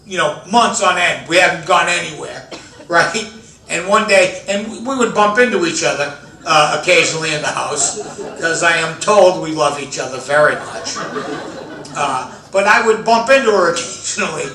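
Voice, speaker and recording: A man's voice: on the high side, moderate pace. A man in his fifties doing a self-deprecating stand-up comedy set, telling stories to an audience in a large event room. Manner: self-deprecating, animated storytelling with audience laughter. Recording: echoey room from far off.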